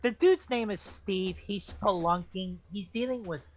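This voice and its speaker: A man chiming in with rambling, halting jokes during a book club reading. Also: sits high. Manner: rambling, halting jokey asides. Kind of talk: casual joking commentary. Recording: dull lo-fi mic.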